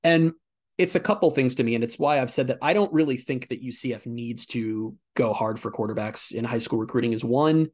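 A young man talking quickly and excitedly about college football, his speech full of "like" and quick restarts. His pitch sits in the middle range for a man. The feel is relaxed, podcast-style banter with a co-host. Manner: quick, chatty, lots of filler "like". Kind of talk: casual sports chat.

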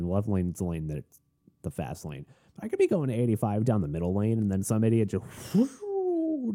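A young man from Florida, hosting a podcast, tells a rambling, animated story in a casual rant with frequent restarts and asides. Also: on the low side. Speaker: podcast host. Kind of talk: casual ranting monologue.

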